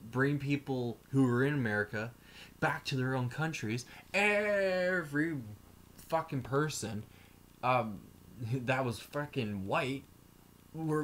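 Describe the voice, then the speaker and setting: A man's voice: medium pitch, fairly bright tone. A man delivering an emotional vlog rant, heated and profane, rambling from point to point. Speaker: YouTuber.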